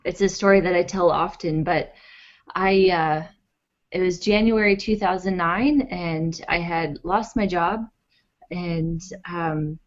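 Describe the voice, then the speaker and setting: Low-voiced woman telling her story. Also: slow pace. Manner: animated, acts out quotes, many fillers. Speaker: interview guest, author and blogger. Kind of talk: conversational storytelling. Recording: dull lo-fi audio.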